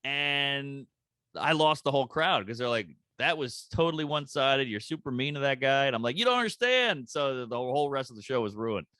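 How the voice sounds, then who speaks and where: Animated storytelling comedian, bright voice. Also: male voice, medium pitch, a little fast, no room sound. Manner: animated storyteller, acts out quotes in shifting voices. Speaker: comedian guest. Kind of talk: casual podcast chat. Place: comedy club green room.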